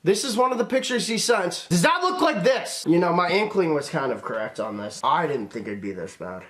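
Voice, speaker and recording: A young man casually talking through an unboxing on his vlog, excitable and swearing, calling his viewers man and boys. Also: high voice, a little fast. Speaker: YouTuber.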